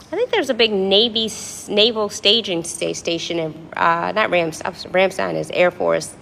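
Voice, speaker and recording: D.c. woman rambling on a livestream, kinda gravelly, faint hum behind her. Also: on the low side, fairly bright tone. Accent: Washington, D.C. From Washington, D.C. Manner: rambling, reminiscing, joking asides to viewers. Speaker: livestream host. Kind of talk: casual chat with viewers. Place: apartment lobby.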